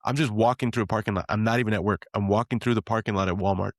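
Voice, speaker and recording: A man with a low, gravelly voice trades crude jokes and stories on a podcast. His delivery is casual and profane, recorded dry and close to the mic. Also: steady tone, rapid-fire, no room sound. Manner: joking, profane storytelling.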